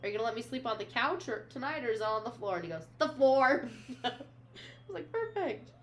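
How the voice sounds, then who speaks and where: A woman's voice: fairly high pitch, rapid-fire. Chatty woman recapping a book. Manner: animated, reads quoted lines aloud, many fillers. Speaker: podcast co-host. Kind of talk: casual book chat, recapping a novel.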